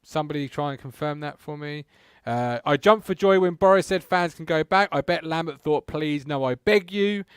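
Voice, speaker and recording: A man's voice: fairly high pitch, fairly quick, clean tone, no echo, clean studio sound. Teasing male fan-show host. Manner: teasing, swears casually. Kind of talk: casual fan show banter.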